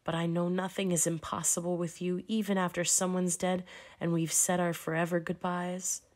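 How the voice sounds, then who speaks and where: A woman's voice: on the low side, level tone, moderate pace, a little mellow, natural voice. A woman voicing Martha, a grieving, earnest woman, in a children's Bible storybook read-aloud. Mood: pleading.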